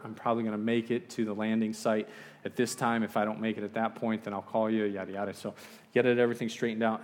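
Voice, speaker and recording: Man preaching with lively storytelling. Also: fairly low pitch. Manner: animated storyteller, acts out voices, closes in quiet prayer. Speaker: missionary preacher. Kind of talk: sermon storytelling.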